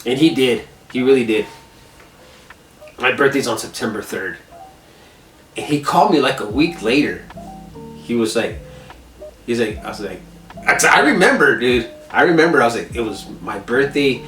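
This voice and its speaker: A man's voice: medium pitch, moderate pace, pauses often, recorded from a distance. Rambling man telling a story in an echoey room. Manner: rambling, animated retelling with lots of "I was like". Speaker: gaming channel host. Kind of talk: casual storytelling vlog. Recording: echoey room, set back from the mic, soft guitar music.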